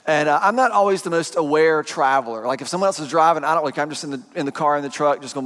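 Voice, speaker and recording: A man preaching a sermon, telling a personal story in an animated, joking way to his congregation. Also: fairly high pitch, quick pace, hardly any pauses. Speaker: pastor. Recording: long hall reverb.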